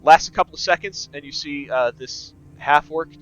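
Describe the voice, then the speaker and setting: A man narrating a tabletop game as game master, in a relaxed way with many filler sounds. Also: on the high side, normal speed, lo-fi sound, faint music behind.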